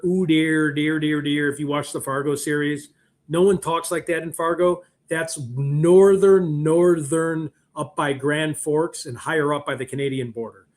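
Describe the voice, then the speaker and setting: Rambling Chicago-accented man. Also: fairly high pitch. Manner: rambling, animated, joking asides. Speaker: livestream host. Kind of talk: casual live-stream chat.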